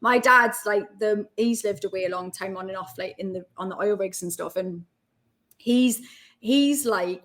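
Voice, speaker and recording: A woman with a Geordie accent, chatting as a guest on an interview podcast and telling lively stories. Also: mid-range voice. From North East England. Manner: animated storyteller, quick asides. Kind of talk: casual interview chat.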